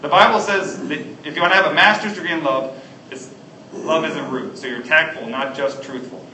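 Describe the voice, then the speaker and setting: A man's voice: a little high, fairly quick, pushed and bright, slight background noise. A man preaching a sermon as a pastor, earnest and stumbling over restarts and fillers. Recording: echoey hall, distant mic, faint ambience.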